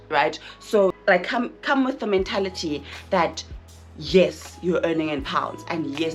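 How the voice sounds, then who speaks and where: A young woman from South Africa with a South African accent, talking frankly to camera in a casual vlog and repeating phrases for emphasis. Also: lowish voice. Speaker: vlogger.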